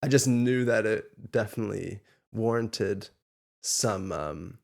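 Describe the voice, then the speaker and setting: Young guy chatting with his dad, low gravelly voice, says yeah a lot. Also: darkish tone. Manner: agreeable, many quick yeahs, loose phrasing. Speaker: son co-hosting a reaction. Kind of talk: casual reaction chat.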